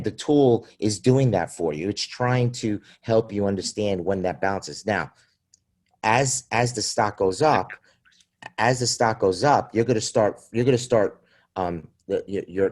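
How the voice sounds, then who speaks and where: A man with a deep, low-pitched voice explains his trading approach in a relaxed interview. He restarts his phrases often, checks in with "okay?" and "right?", and acts out other people's lines when telling stories. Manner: acts out quoted voices in storytelling. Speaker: guest options trader. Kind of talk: conversational explanation.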